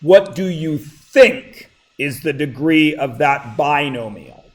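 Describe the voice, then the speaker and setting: Slow-talking relaxed male math teacher. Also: fairly high pitch. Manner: relaxed, jokey, checks in with students often. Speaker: high school math teacher. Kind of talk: classroom lecture. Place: classroom. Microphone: plugged-in classroom mic.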